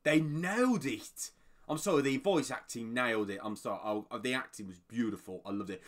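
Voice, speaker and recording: A man casually commenting on a video he just watched, excitable and rambling. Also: medium pitch, brisk. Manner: excitable, rambling, breaks into laughter. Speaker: video reactor.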